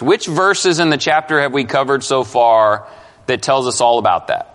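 A man's voice: medium pitch, normal speed, fairly bright tone. A male pastor preaching an expository sermon, emphatic and questioning his congregation. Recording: long hall reverb.

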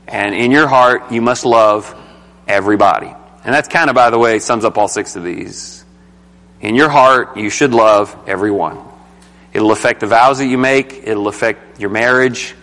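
A man's voice: fairly low pitch, moderate pace, fairly bright tone, long reverb tail. A man teaching a group Bible study in a casual, emphatic way, often asking the group questions.

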